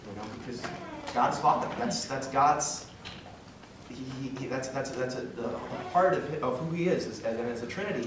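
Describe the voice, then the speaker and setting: A young man giving an earnest, emotional faith talk to a church group, rambling with restarts and chuckles. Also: medium pitch. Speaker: guest speaker at a parish talk. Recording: very echoey hall from far off, noisy.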